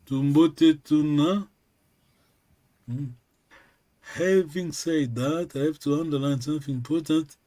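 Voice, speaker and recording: A man who speaks natively, teaching a lesson over a video call, slow and patient, often checking in with a quick "yes?". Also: on the high side, warm tone. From Congo region, Kikongo-speaking village. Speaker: language teacher. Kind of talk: online language lesson.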